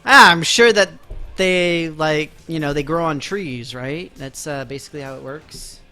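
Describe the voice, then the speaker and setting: Bright-voiced chatty male game streamer. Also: fairly high pitch, unhurried, soft background music. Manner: chatty and self-mocking, talking to viewers while playing. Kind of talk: casual live-stream gameplay chat.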